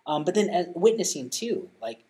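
A man's voice: a little high, big pitch swings, moderate pace, dark tone, low-quality recording. A man in his thirties, co-hosting a casual chat, talking earnestly with many restarts and lifting his voice on key points. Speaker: podcast co-host giving parenting tips.

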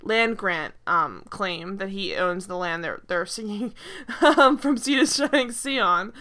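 A young woman co-hosting a podcast recaps a TV episode in casual conversation, speaking at medium pitch and a slightly slow pace. She's animated and exasperated, laughing often and using lots of filler words.

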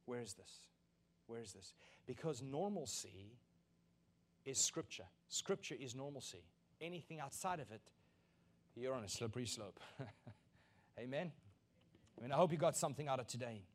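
A man preaching a sermon as pastor, emphatic and repeating key lines, building to loud peaks. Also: mid-range voice, animated, moderate pace, pauses often.

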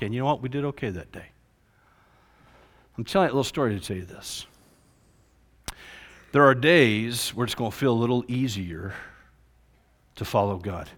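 Pastor, male, animated storytelling sermon, bright forceful tone, long church reverb. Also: medium pitch. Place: church hall.

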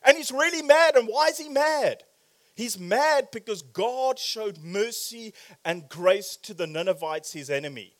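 A man preaching a sermon in a church, animated, swinging from loud exclamations to quiet, probing questions. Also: sits high, a little slow. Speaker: pastor.

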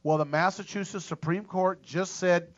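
A man hosting a legal discussion panel, telling a case story in a brisk, emphatic way. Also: high voice, fairly even intonation, lo-fi sound. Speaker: show host.

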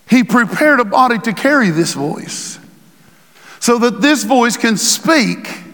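A man preaching a sermon as pastor, building to shouted emphasis and quoting scripture. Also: very high-pitched, lively intonation, slow, pauses often, big-room sound. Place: church sanctuary.

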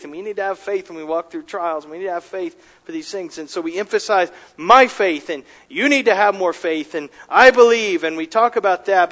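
A man's voice: high voice, a bit bright. A man preaching a sermon as pastor, earnest and emphatic, often restarting his phrases.

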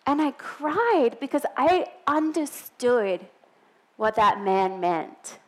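Woman in her thirties, high voice, earnest sermon delivery, personal and emphatic. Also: big pitch swings, slow, low-quality recording. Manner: earnest, personal storytelling with laughs, rising to emphatic peaks. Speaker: pastor's wife preaching.

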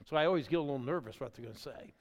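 An exuberant older church-planting pastor gives an energetic, story-filled sermon in a large church auditorium. His medium-pitched voice moves very fast, and he calls on the crowd to applaud. A long reverb hangs in the hall.

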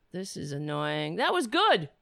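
Gravelly, animated woman ranting on a stream. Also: on the low side, no room sound, studio quality. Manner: angry, profane, self-mocking. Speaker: livestream host. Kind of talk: ranting commentary.

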